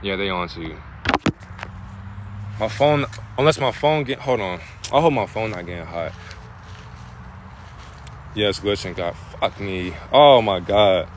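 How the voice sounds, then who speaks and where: A man talking casually on a live spiritual stream, loose and profane with street slang, breaking into animated preaching. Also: lowish voice, measured pace, pauses often, a little hiss or hum.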